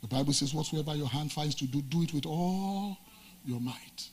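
A male pastor preaching a sermon, from Nigeria, with dramatic swings between loud emphatic lines and low quiet ones. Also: moderate pace, a little hiss or hum.

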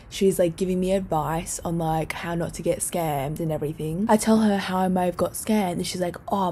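A young woman tells a story to camera in a chatty, excitable rush, swearing casually and filling her sentences with "like". Her voice sits on the low side and sounds warm and mellow. A faint hiss of background noise runs under the recording. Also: creaky. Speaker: vlogger.

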